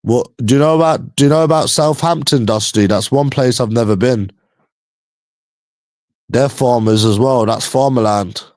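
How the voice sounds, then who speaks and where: A man's voice: medium pitch, moderate pace, a little mellow, no echo. Rambling, slangy East London man. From East London, England. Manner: slangy, repeats himself, loose rambling talk. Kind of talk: casual chat.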